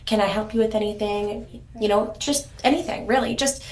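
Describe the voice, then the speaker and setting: Podcast guest, woman, warm and rambling storyteller, roomy echo on the mic. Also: mid-range voice, normal speed. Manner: warm storytelling, frequent restarts and repeated words. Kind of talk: casual interview chat.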